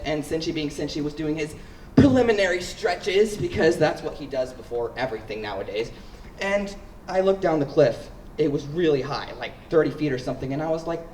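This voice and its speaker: A teenage boy telling a personal story on stage at a school event, lively and playful in a casual way. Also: fairly high pitch, normal speed, a little hiss or hum. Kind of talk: live storytelling. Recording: roomy hall, mic far off.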